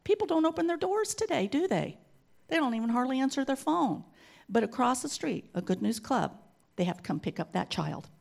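A middle-aged woman leading a children's ministry, giving a church testimony and appeal with animated storytelling and acted-out quotes. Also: high voice, a little fast, creaky. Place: church sanctuary.

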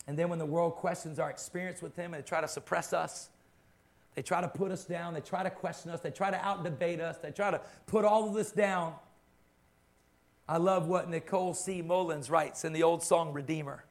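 A man's voice: fairly high pitch, normal speed, gravelly. A man preaching a sermon to his congregation, impassioned and fond of repeating phrases for emphasis. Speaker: pastor.

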